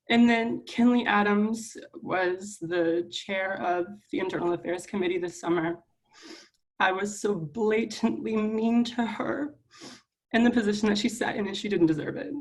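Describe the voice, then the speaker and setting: A young woman student senator giving a public apology at a meeting, earnest and halting, close to tears. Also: medium pitch. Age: young adult. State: near tears.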